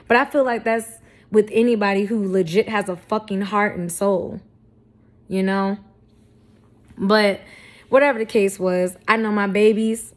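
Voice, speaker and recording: 30-something woman vlogging, cussing a lot, blunt, keeps hyping herself up with spiritual talk. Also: on the high side. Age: 30s. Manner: blunt, profane and emphatic; self-affirming, spiritual talk. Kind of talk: candid talk to camera.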